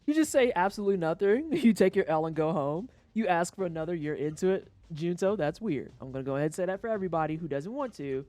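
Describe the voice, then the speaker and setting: A livestreamer chatting casually over a video game, joking and swearing, with sudden high-pitched outbursts. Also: animated, quick pace, few pauses, mellow, no room sound. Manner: chatty storytelling aside while playing. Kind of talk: casual gameplay commentary.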